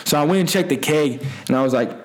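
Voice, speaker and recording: A man's voice: a little high, fast, a little hiss or hum. A young man telling a rambling, profane party story in casual slang, laughing as he goes. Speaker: guest storyteller.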